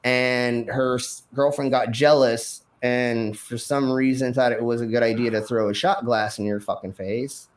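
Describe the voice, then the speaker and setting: A man's voice: medium pitch, steady tone, measured pace, hardly any pauses. A man hosting a stream, telling a wild story from his past in a rambling, profane way with many fillers and restarts. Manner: acts out his own shouted lines in the story. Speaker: stream host. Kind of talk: casual storytelling.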